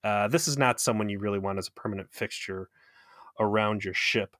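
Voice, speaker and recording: A man co-hosting a podcast, recapping an episode in sarcastic, profane, animated chat. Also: fairly low pitch, fairly quick, no room sound, clean studio sound. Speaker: podcast co-host.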